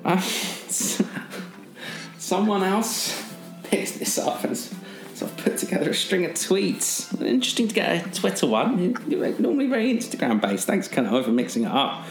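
A man's voice: high voice, very animated, moderate pace, vocal fry. Easygoing male podcast host, roomy sound. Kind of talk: casual chat. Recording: echoey room with faint music.

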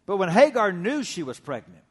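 A middle-aged pastor delivers a sermon in a higher-than-usual male voice. He talks in an easy, conversational way and slips humor into his stories. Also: big pitch swings, moderate pace, slightly rough. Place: church sanctuary.

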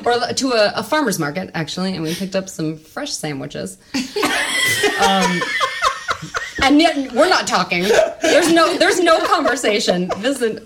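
A woman in her thirties telling a personal story on a podcast, animated and laughing, swearing freely and acting out what people said. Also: mid-range voice, unhurried, long pauses, very noisy. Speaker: storyteller guest.

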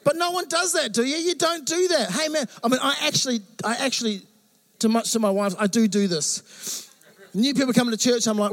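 A man preaching a sermon, telling stories with lively acted-out quotes and jokes. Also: very high-pitched, a little fast. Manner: animated storytelling with acted quotes. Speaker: pastor.

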